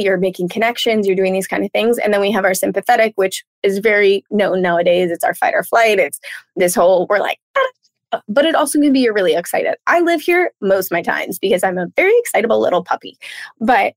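A woman coach, appearing as a guest in a casual podcast interview, talks in a bubbly, animated way and puts on playful voices for her own thoughts. Her mid-range voice has a gravelly, fried edge, and the sound is close and dry with no echo.

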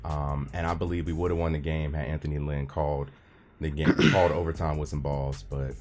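A man's voice: extremely low pitch, flat delivery, brisk, a little mellow, faint music behind. A man hosting a loose, profane sports podcast, rambling through the week's news. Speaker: podcast host. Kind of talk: casual sports chat.

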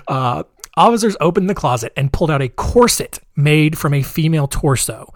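A man's voice: on the high side, fairly quick, no room sound, clean studio sound. Chatty young man telling a true-crime story. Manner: chatty, with fillers and asides.

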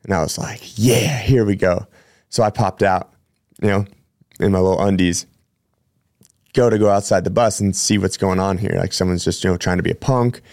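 A man's voice: low-pitched, steady tone, fairly quick, a little mellow, no echo, studio quality. A man hosting a podcast, a personal trainer telling rambling, chatty stories with many self-corrections. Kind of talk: casual storytelling.

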